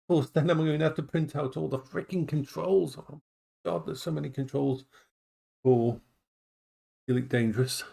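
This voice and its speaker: A man chatting casually on a live stream from his home, often breaking into high baby talk for his dogs. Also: steady tone, normal speed, creaky, pauses often, dark tone, husky.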